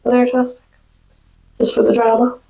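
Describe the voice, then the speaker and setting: A woman co-hosting a podcast, telling stories in a chatty, animated way, a little under the weather from a cold. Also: on the high side, normal speed, creaky. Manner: chatty storyteller, animated quoting. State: recovering from a cold. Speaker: podcast co-host. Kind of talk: casual chat. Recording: echoey room.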